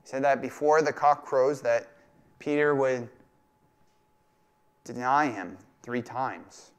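Speaking slowly, the pastor has a mid-range voice that sounds clear and resonant. His sermon is casual and conversational, with occasional acted-out quotes and jokes delivered with a laugh.

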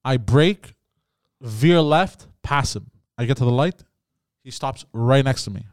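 A man casually telling a story on a podcast, acting out shouted quotes with lots of swearing and "bro". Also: mid-range voice, expressive, moderate pace, dry recording, clean studio sound. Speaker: podcast host.

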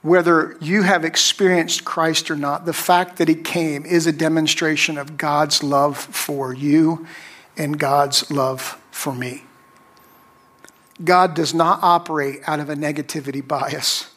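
Slow, emphatic male pastor. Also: on the high side, steady tone, fairly bright tone. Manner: slow, emphatic preaching with long pauses. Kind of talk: sermon.

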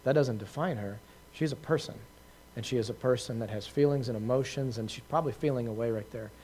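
A man's voice: mid-range voice, fast talker, a little mellow, slight background noise. A man giving an informal talk to a group, telling a story in a conversational way with many fillers, restarts and laughs at himself. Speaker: preacher answering questions.

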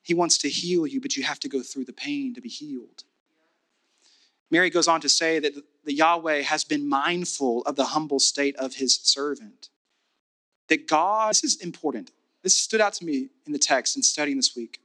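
Male pastor preaching a sermon, bright kinda high voice, gets fervent then goes soft. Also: moderate pace. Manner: rising to fervent repeated declarations; drops to soft intimate tone.

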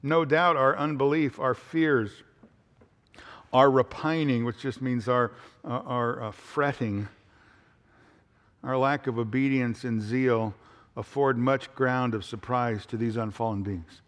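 A man's voice: mid-range voice, fairly even intonation, slow. A pastor preaching an expository sermon in a conversational way, often using fillers and restarting his sentences. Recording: hall reverb.

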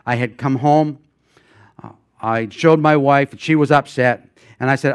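An older man preaching a sermon as guest pastor, telling personal stories with many fillers and restarts, swinging between loud emphatic passages and quiet asides. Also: medium pitch, measured pace, long pauses, clear, resonant tone, dry recording, clean studio sound.

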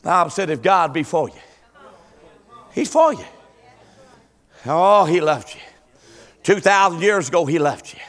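High, bright-voiced preacher man. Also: big pitch swings, measured pace, pauses often. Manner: shouting, rising and falling Southern preaching cadence. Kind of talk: sermon.

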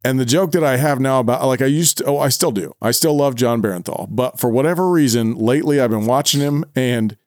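A man's voice: mid-range voice, brisk, hardly any pauses, a little mellow, dry recording. Chatty man with a dry, close sound. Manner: chatty, laughs often, restarts sentences. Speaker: podcast co-host. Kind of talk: casual chat.

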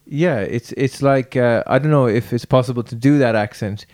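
A woman in casual conversation who talks haltingly, with many restarts and fillers. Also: very deep voice, darkish tone. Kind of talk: casual chat.

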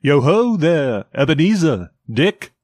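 A jovial, stout old merchant calls out in a rich, oily, booming voice, put on by a man reading a story. His voice bounces with lively pitch. The sound is dry and close. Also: slow pace, no echo, exaggerated voice.

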